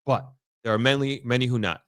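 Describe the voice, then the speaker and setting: A man's voice: mid-range voice, fairly quick, fairly bright tone, smooth, dry recording, clean studio sound. A man giving a casual, unscripted update to his viewers, often stopping and restarting as he picks his words with care. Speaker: vlogger giving an on-the-ground update. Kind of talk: casual unscripted talk to camera. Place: in the area the update is about.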